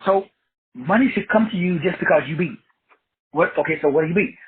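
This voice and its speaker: A man's voice: on the high side, a little fast, a little hiss or hum. A man hosting a talk show, giving a preachy motivational monologue full of wordplay and repeated phrases. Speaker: podcast host. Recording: tinny phone-like line.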